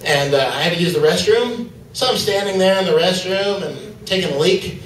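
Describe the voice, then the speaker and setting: Heard from a distance in an echoey comedy club, a male stand-up comedian rambles loosely through his set on stage, using plenty of fillers. He talks fairly quickly in a high-pitched, fairly bright voice.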